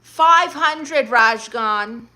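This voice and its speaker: A woman's voice: on the high side, very slow, sharp tone. A woman with a Brooklyn accent streaming live, reading viewer comments aloud and answering them with blunt, sassy comebacks. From Brooklyn, New York.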